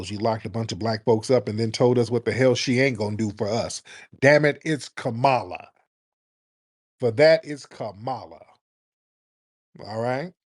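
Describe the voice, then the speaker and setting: A brash male host from the United States takes calls and rants. He swears freely and hammers his points home with emphasis, in a mid-pitched voice. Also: a little mellow. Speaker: radio show host. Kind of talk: call-in talk show.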